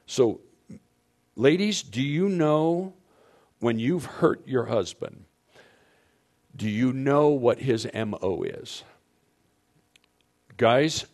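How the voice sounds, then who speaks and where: A man's voice: mid-range voice, lively intonation, slow, long pauses, a little mellow. A man leading a marriage seminar for couples, speaking emphatically and addressing the audience directly on a handheld microphone. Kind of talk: teaching talk to couples.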